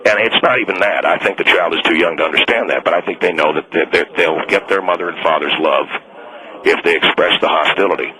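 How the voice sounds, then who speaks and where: A man's voice: low voice, quick pace, pushed and bright, poor audio. A man playing an indignant, fired mall Santa on a radio call-in, stubborn and self-righteous, rambling with restarts. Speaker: caller.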